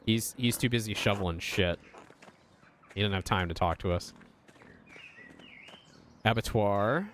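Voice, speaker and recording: A man's voice: lowish voice, a little slow, pauses often, fairly bright tone, slight background noise. A man streaming a game, chatting casually and swearing freely. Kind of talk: casual gaming commentary.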